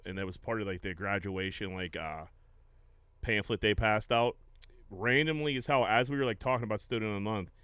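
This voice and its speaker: A man's voice: lowish voice, a bit bright, clear, resonant tone, dry recording. A man, hosting a casual podcast chat with loose, joking talk. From Pittsburgh. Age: 40s. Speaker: podcast host. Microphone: studio podcast microphone.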